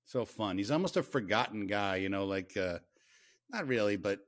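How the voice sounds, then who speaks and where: A man hosting a casual podcast chat, animated and laughing often, often trailing off and restarting. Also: fairly low pitch, moderate pace. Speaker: podcast host and songwriter.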